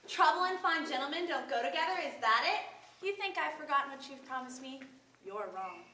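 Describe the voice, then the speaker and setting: A bold young barmaid, played by a woman in a school stage play. She is sharp and confrontational, with a high, lively, bright voice. She sounds far off in an echoey hall. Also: a little fast. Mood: defiant.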